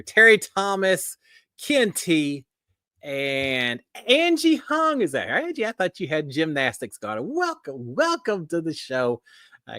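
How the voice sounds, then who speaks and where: A man's voice: mid-range voice, sharp tone, dry recording, clean studio sound. A middle-aged man with a Texan accent hosting a casual live stream, folksy and upbeat as he greets viewers by name. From Texas. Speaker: host of a live reality TV chat stream.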